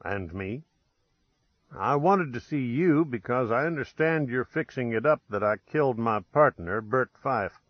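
A man voicing an easygoing young prospector who speaks in a soft, unhurried drawl, a little ironic. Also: medium pitch, no echo, lo-fi sound. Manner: relaxed, unhurried, faintly ironic.

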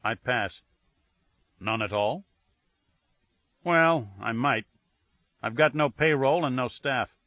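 A man's voice: mid-range voice, takes it slowly, pauses often, no echo, highs cut off, natural voice. A man voicing an evasive, wisecracking male private eye who talks in a breezy, slangy way.

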